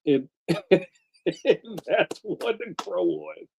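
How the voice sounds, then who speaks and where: A man's voice: a little high, wildly swooping pitch, extremely slow, a little mellow, slightly rough. A man hosting a casual livestream, a cartoonist telling rambling stories full of slang, laughing often and reading out viewer comments.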